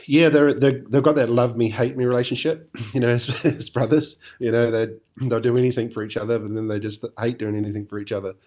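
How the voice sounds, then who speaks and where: A middle-aged man with a New Zealand accent, chatting as a podcast guest in a relaxed, rambling way with many fillers. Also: medium pitch, brisk, few pauses. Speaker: podcast guest, former motocross champion. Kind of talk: casual interview chat.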